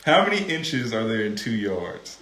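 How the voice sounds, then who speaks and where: A man in casual live-stream chat, joking and animated as he runs a quiz game. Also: fairly low pitch, moderate pace. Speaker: vlogger co-host, quiz asker. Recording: echoey room with faint noise.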